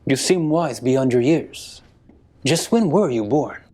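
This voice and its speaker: A man in a deadpan comic interview who asks his questions with prim, formal phrasing. His voice sits in an ordinary middle pitch. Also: slow.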